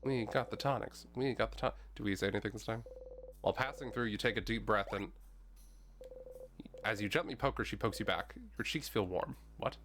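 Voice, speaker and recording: A man's voice: fairly low pitch, a little fast, noisy background. A man streaming a video game, reading its text aloud and rambling in a casual, chatty way with plenty of "like" and mild swearing. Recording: faint game music underneath.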